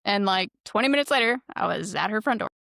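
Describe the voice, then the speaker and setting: A woman co-hosting a podcast, telling stories casually, profane and animated. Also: mid-range voice, fast, creaky, dry recording, clean studio sound. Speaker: podcast co-host.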